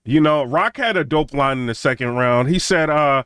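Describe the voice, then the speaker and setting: A man's voice: mid-range voice, very animated, a little fast, hardly any pauses, fairly bright tone, no room sound, clean studio sound. A man hosting a channel, reviewing a rap battle in casual, rambling commentary and trailing off with "man" and "bro". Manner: laid-back, rambling, drawls "man" and "bro", laughs between points.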